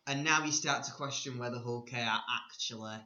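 A man's voice: mid-range voice, a little fast, sharp tone. A man co-hosting a casual sports chat, talking with wry, teasing humour. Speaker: podcast co-host. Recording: echoey room, dull lo-fi sound.

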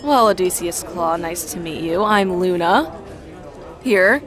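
A woman's voice: on the low side, slow pace, a bit bright, faint music behind. A woman voicing a shifty, chatty young townswoman in improvised role-play, rambling evasively with nervous bursts. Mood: sly.

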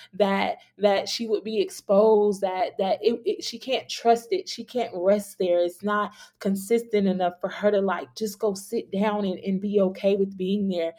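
A woman's voice: medium pitch, fairly even intonation, measured pace, mellow. A young woman hosting a faith podcast, telling a dream story in an earnest, casual way, full of "like" and "y'all". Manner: earnest, many fillers like "like" and "y'all". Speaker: podcast host.

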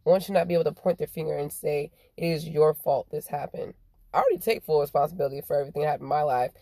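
A woman delivers a profane, rambling monologue, stretching some phrases out slowly and rushing through others. Her voice sits on the low side, and the recording is dry and close, with no room sound. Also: mellow, no echo. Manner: swears constantly, swings from drawn-out slow phrases to rapid bursts. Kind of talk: profane stream-of-consciousness monologue.

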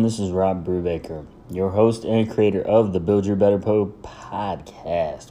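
A man's voice: fairly low pitch, animated, moderate pace, few pauses, warm tone, a little hiss or hum. A man in his thirties hosting his own podcast, talking loosely and jokingly in a rambling, chatty way. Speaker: podcast host. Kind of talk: casual solo podcast talk.

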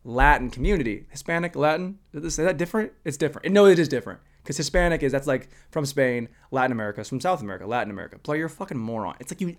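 A young man podcasting alone in his room, rambling and profane, swinging between loud rants and muttered asides. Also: mid-range voice, expressive, racing, hardly any pauses. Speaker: solo podcaster. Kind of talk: casual comedic monologue.

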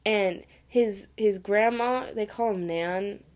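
A young woman co-hosting a podcast, casually and excitedly retelling a movie and acting out the lines. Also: mid-range voice, takes it slowly. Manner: animated, excited retelling with acted-out quotes. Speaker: podcast co-host.

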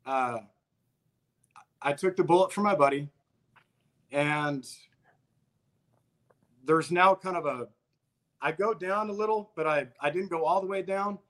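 A man with a slightly high voice tells a story in a relaxed conversation. He is blunt and swears freely. He often breaks into the voices of the people in the story. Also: measured pace, pauses often. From Albuquerque, New Mexico. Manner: profane, blunt, acts out quoted exchanges.

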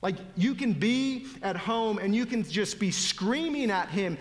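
Man, pastor, sermon, slightly high voice, hushed to loud delivery, long hall reverb. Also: animated, unhurried. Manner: swings from hushed whispers to loud, raised appeals.

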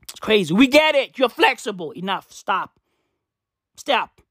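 A woman's voice: medium pitch, big pitch swings, moderate pace, fairly bright tone, no room sound, studio quality. A young woman ranting in a profane comic monologue, slangy and repetitive, laughing at her own jokes.

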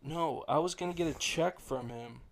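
A man's voice: a little high, moderate pace, gravelly, slight background noise. A young man co-hosting a casual podcast, telling a crude, mocking story with lots of energy. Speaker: podcast co-host. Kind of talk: casual chat.

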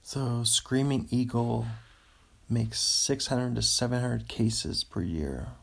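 A man's voice: mid-range voice, lively intonation, slow, gravelly, slightly rough. A man hosting a casual solo podcast, rambling and easily amused, chuckling as he reads material aloud. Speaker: podcast host.

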